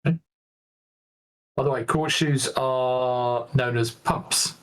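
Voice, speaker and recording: Slow-talking male tabletop player. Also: medium pitch, steady tone, fairly bright tone, clean tone, rough recording. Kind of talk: casual tabletop play.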